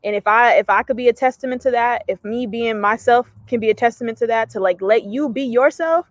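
Young woman, talk show host, lively and emphatic, slangy, fairly high voice, dry sound. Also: a little fast, no echo. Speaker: podcast host. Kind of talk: casual chat.

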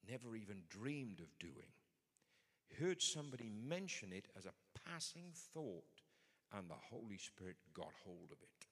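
A man's voice: on the low side, big pitch swings, unhurried, husky, big-room sound. A man preaching a sermon in a conversational but emphatic way. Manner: conversational, emphatic, builds to forceful points.

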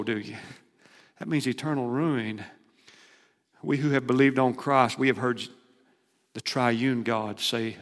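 A man delivering a sermon from the pulpit. He swings between ringing emphasis and soft, hushed lines, and his voice trails off into the long reverb of a big hall. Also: mid-range voice, steady tone, unhurried, long pauses. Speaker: preacher.

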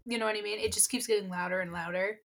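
A woman's voice: medium pitch, fairly even intonation, rapid-fire, vocal fry, a bit bright. A woman co-hosting a podcast in casual book-club chat, with playful, jokey asides. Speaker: podcast co-host.

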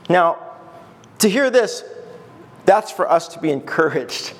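A man's voice: high voice, unhurried, pauses often, in a large hall. A man preaching a conversational sermon as pastor, laughing often and acting out other people's voices. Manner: animated, laughing, acts out voices.

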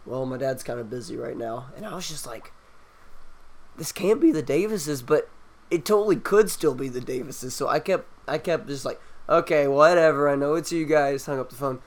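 A young man in casual chat tells a story to his friends. He is animated and slips into the voices of the people he quotes. His pitch sits mid-range for a man. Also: normal speed. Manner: animated, acts out quoted lines.

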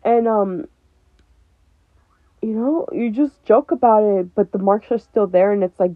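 A young woman with a mid-range voice hosts a podcast, unhurried and pausing often as she talks candidly and bluntly about personal things. She swears a lot and laughs between heavy points. The sound is dry and tinny, like a phone, with no room sound.

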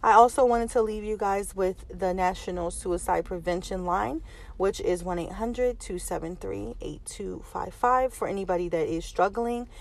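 A woman's voice: medium pitch, normal speed, creaky. A woman in her thirties from the United States, telling a personal story in a chatty vlog style with lots of fillers and restarts. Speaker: vlogger.

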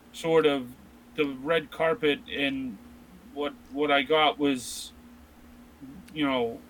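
A man's voice: fairly high pitch, a bit bright, slight background noise, low-quality recording. A man in his thirties co-hosting a casual chat about video games, rambling with many restarts. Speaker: podcast co-host.

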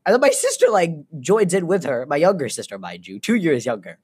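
A woman's voice: deep voice, wildly swooping pitch, brisk, a little mellow, husky. A young woman co-hosting a casual podcast, telling stories with laughs and acted-out quotes. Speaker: podcast co-host. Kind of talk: casual chat.

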